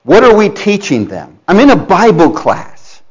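A man preaches a sermon in a conversational, emphatic style, addressing listeners directly, acting out quoted parents, and restarting with asides to the audience. His high voice swoops wildly in pitch at a measured pace, sounding slightly rough on dull audio.

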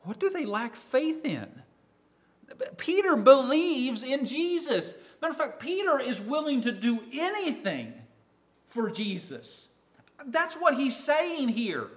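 Man preaching, high voice, sermon, dramatic swings from loud to hushed. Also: big pitch swings, slow. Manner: acts out a disciple's words in quoted asides; rises in loudness and falls to near silence.

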